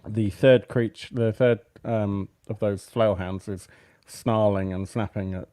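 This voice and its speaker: A man running a tabletop role-playing game as game master, relaxed and hesitant with many fillers. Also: fairly low pitch, a little slow. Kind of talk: running a tabletop game over a live stream.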